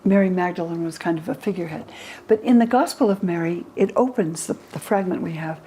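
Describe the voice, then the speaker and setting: An older woman scholar explaining old texts to an interviewer, lively, acting out the quoted speakers in higher voices. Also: brisk, a little hiss or hum, poor audio. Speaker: religion scholar and guest.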